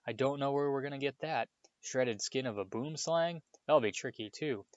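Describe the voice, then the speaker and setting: A man's voice: mid-range voice, moderate pace, no room sound, muffled recording, pitched above the performer's own voice, natural voice. A man voicing an eager, nervous, bookish young schoolgirl witch who stammers a little.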